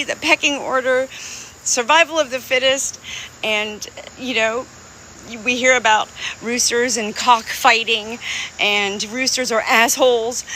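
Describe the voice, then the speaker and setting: A woman's voice: fairly high pitch, bright, forceful tone, poor audio. A middle-aged woman chatting live from her small farm, rambling and sentimental, laughing often. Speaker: hobby farmer streaming live. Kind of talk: rambling live-stream chat. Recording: faint outdoor noise. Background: insects and crickets.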